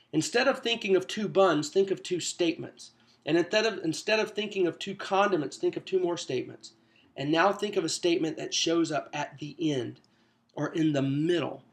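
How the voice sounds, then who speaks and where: Animated man coaching small group teachers. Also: fairly high pitch. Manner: conversational, animated, asks rhetorical questions. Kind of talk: teacher training talk to camera.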